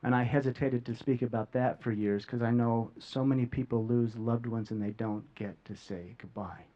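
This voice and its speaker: A man giving an emotional talk to a live audience, earnest and heartfelt, often halting with repeated words and long pauses. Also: mid-range voice, steady tone, warm tone, dull audio. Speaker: speaker sharing a near-death experience. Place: stage before a live audience.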